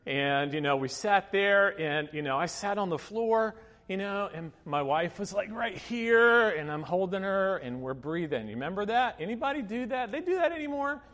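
A man in his fifties preaches from the front of a church, drifting into a personal story with plenty of fillers and little laughs along the way. His voice sits a touch high for a man. Behind him the sound rings out in a long hall reverb. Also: animated, normal speed, a bit bright. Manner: storytelling, chatty with many fillers, laughing asides. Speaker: pastor.

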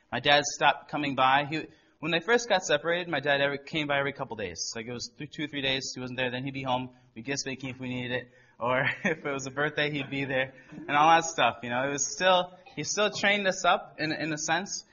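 A man's voice: on the high side, sharp tone. A young man earnestly telling a personal testimony, acting out the people in his story. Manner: earnest storytelling, quoting others in dialogue. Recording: muffled lo-fi recording.

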